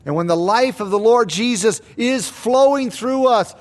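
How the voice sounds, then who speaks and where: A man preaching a sermon, slow and deliberate, repeating key words for emphasis. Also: very high voice. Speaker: pastor.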